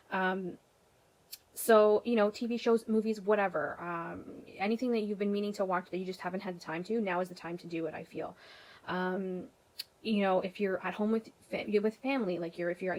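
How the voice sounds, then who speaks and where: Talking to camera for her vlog, a young woman from Canada chats and rambles, filling pauses with ums and you-knows and often restarting. Her medium-pitched voice has a slightly mellow quality, though the audio is poor.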